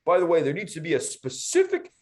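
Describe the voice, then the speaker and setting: A man putting on the voice of a flaky, nagging male property buyer, speaking high and evasively. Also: huge pitch swings, quick pace, a little mellow. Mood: whiny.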